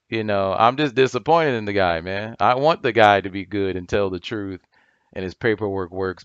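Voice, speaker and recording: A man's voice: mid-range voice, a bit bright, dry recording. A man ranting to camera in a blunt, profane way, often asking "you know what I'm saying?", on a dull lo-fi recording. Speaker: channel commentator. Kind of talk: heated rant to camera.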